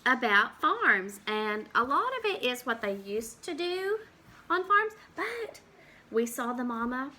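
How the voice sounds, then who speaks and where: Her voice is a little high, with big pitch swings and a bright, forceful tone, and she takes it slowly. The teacher is reading a farm picture book aloud to children, performing animal noises and stopping for questions and explanations during storytime.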